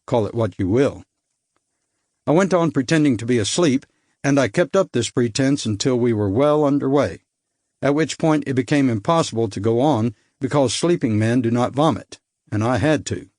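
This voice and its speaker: A man reads a first-person thriller in a measured, dry manner, at a middle pitch. The recording is close and dead, with no room sound around the voice. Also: darkish tone, no echo. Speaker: audiobook narrator.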